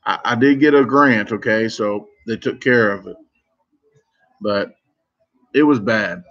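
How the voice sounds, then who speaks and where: A man's voice: lowish voice, unhurried, a bit bright, muffled recording. A man chatting casually on a live stream, answering viewers and telling rambling stories that keep doubling back. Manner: rambling, self-interrupting storytelling. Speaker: competitive eater streamer. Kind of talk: casual live chat reading comments.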